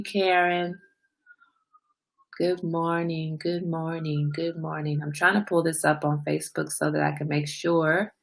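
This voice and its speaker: A woman's voice: deep voice, gravelly, a bit bright. A woman hosting a casual morning livestream, chatting and greeting viewers by name as she reads their comments. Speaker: livestream host.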